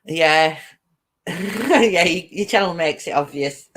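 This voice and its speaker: A woman's voice: mid-range voice, fairly bright tone, breathy edge. A woman hosting a casual live-stream chat, giggling often and greeting viewers as she reads their comments.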